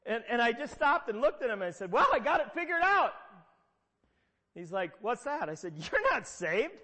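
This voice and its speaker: A man's voice: very high voice, very animated, normal speed, pushed and bright. A middle-aged man preaching a sermon, telling stories conversationally with emphatic repetitions. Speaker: pastor. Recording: long hall reverb.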